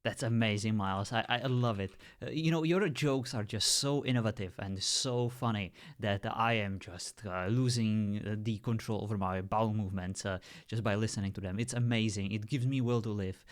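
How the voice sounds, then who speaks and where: A man chatting with an AI, heaping over-the-top praise in a halting way full of fillers. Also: fairly low pitch. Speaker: user testing an AI character. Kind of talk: casual conversation.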